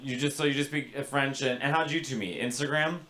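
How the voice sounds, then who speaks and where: A man doing stand-up crowd work, teasing audience members in a campy, animated way on a comedy club stage. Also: medium pitch, a little fast. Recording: loud audience laughter throughout.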